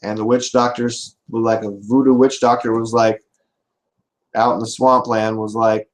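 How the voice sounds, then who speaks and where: A man's voice: lowish voice, little pitch movement, unhurried, low-quality recording. A man hosting a show, telling a crude joke in a loose, rambling way with lots of profanity. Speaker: show host. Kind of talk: comic storytelling.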